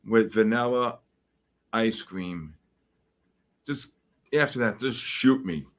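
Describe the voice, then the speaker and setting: A man's voice: fairly low pitch, slow pace, slight background noise. A middle-aged man hosting a livestream, chatting casually and reacting to comments with joking exasperation. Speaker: livestream host. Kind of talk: casual chat reading live comments.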